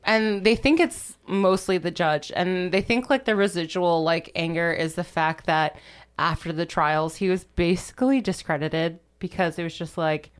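A woman's voice: lowish voice, normal speed, clear, resonant tone. A woman casually retelling a ghost story on a podcast, rambling and saying "like" constantly. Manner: rambling, heavy use of "like", giggly. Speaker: podcast host.

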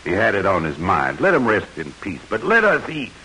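An actor playing a mock-courtly, cruel raider leader in an old radio drama. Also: male voice, lowish voice, wildly swooping pitch, moderate pace, sharp tone, slight background noise, heavily acted, poor audio. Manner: pompous, mock-courtly and sneering. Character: mocking villainous raider leader, man, pompous and cruel. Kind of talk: 1940s radio acting.

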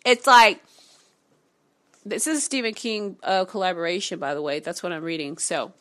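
A woman reading a novel aloud on camera, breaking off into excitable, swearing reactions. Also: lowish voice, normal speed. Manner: animated, swearing, excitable asides. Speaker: book reader vlogger. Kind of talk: casual read-aloud with reactions.

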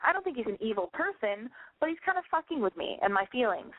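A woman hosts a call-in advice show, ranting bluntly and swearing freely. Her voice sits a little high. It comes through a narrow, dry, phone-like line. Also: very animated, fast talker, no room sound. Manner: blunt and swearing, ranting, mimics callers with squeals. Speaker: radio call-in advice host.

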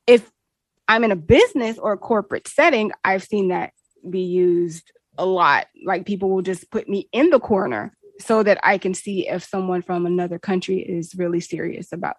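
A woman's voice: mid-range voice, no echo. A young adult woman, a guest in a casual interview, talking in a bubbly way and laughing often.

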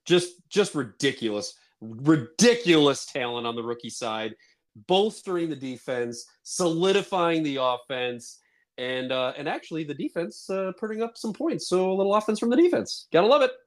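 A man co-hosting a casual sports podcast, talking excitedly and rambling with lots of fillers. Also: on the high side, moderate pace. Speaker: podcast co-host.

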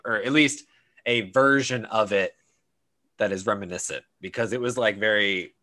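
Male podcast co-host, lowish but bright voice, laid-back and loose. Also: normal speed. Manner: relaxed, says like and you know a lot. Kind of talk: casual chat.

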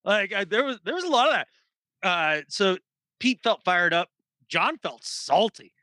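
A man hosting a casual sports talk show, animated and acting out quotes in mock voices. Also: high voice, measured pace, no room sound. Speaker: sports podcast host.

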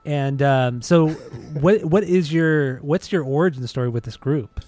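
A man's voice: a little high, a little slow, a little mellow, no echo. A man in his thirties hosting a music podcast from home, teasing and dryly stubborn in casual banter. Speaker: podcast co-host.

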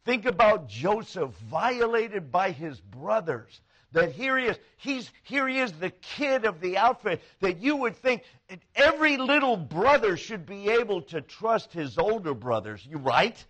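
Male pastor, sermon, high lively voice, slow unhurried delivery, bright tone. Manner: animated storytelling, acting out quoted voices.

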